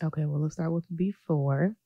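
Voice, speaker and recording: A woman's voice: low-pitched, moderate pace, no room sound, highs cut off. A woman co-hosting a podcast in casual chat, teasing and slangy. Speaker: podcast co-host.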